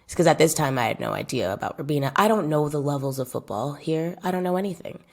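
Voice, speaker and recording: A young woman with a low voice and a gravelly, fry-laced edge tells a casual vlog story. She talks straight to her viewers in a chatty way and drives points home by repeating phrases. She speaks as a footballer describing her own career. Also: expressive, quick pace. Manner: emphatic, repeats phrases for effect; addresses viewers directly and chattily.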